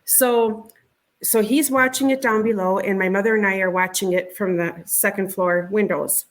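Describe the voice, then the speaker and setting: A middle-aged woman tells a personal story in a conversational way as an interview guest, pausing haltingly, often repeating words, and beginning sentences again. Her voice is medium-pitched and her tone stays steady.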